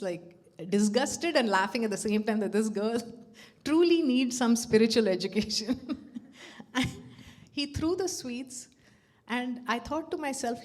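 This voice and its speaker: A middle-aged woman telling a personal story at a devotional gathering, laughing often and acting out the dialogue. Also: on the high side. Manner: animated, laughs often, acts out quoted dialogue. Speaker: speaker at a devotional center.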